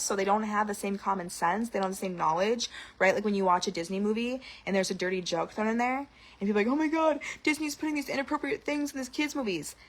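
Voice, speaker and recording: A young woman ranting in an outspoken, animated monologue to camera. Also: mid-range voice. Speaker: vlogger.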